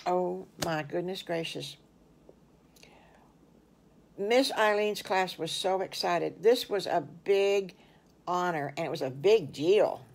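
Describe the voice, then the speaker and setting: Older woman, grandmotherly storyteller, very slow, lowish voice, folksy, bedtime-story telling. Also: creaky. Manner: folksy, exclaiming "oh my goodness gracious". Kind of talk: improvised children's story narration.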